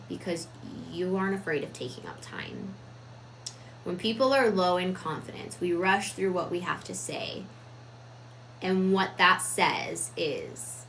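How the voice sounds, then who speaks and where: A woman giving a reflective, casual talk on personal growth, deliberate with frequent fillers. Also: medium pitch, a bit bright, slight background noise, poor audio. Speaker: self-improvement vlogger.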